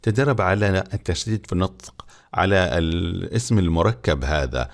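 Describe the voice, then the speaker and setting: Arabic-native male English teacher, very low voice, quick and lively delivery. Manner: explains each line, switching languages. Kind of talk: bilingual textbook lesson.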